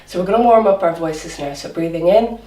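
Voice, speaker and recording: Woman teacher walking kids through warm-ups, lowish voice, echoey room, a bit far from the mic. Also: fairly quick. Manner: encouraging, demonstrating vocal exercises. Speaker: children's drama teacher. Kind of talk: online class for children.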